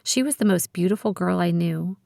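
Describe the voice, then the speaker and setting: A woman's voice: on the low side, a little fast, gravelly, darkish tone, dry recording, studio quality. Woman narrating a teen thriller audiobook. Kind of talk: first-person scripted narration.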